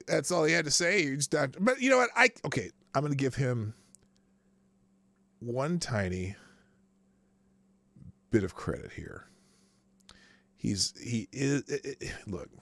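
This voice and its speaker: A man's voice: medium pitch, fairly bright tone. A man hosting a live news commentary show, talking in a sarcastic, rambling way with frequent swearing and restarts.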